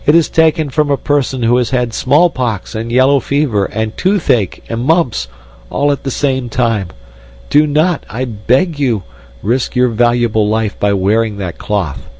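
A man voicing a pompous, polite male insect hero, with a high, fussy, pleading voice. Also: measured pace, warm tone, lightly acted, low-quality recording.

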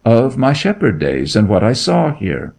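A man's voice: mid-range voice, huge pitch swings, measured pace, vocal fry, darkish tone, voice pushed up, exaggerated voice. A man reading a story aloud, voicing a timid young shepherd boy who pleads in a frightened country dialect. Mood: eager.

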